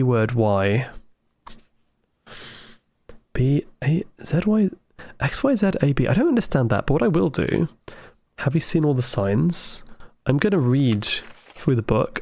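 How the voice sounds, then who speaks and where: A man livestreaming a puzzle game, thinking aloud with excited asides to his chat. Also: mid-range voice, unhurried, no room sound. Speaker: game streamer. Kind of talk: live gameplay commentary.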